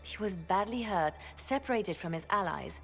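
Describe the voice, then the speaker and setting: An actress playing a composed, sharp-witted female spymaster in a game, speaking dryly over faint music. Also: medium pitch, expressive, normal speed, close to an everyday voice. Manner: dry, composed.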